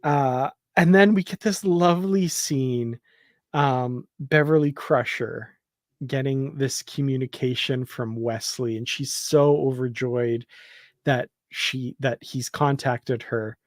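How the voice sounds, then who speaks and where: Slow-talking enthusiastic man, dry sound. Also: mid-range voice, no echo. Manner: enthusiastic, laughs often, many fillers. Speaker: podcast co-host. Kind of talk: casual fan discussion.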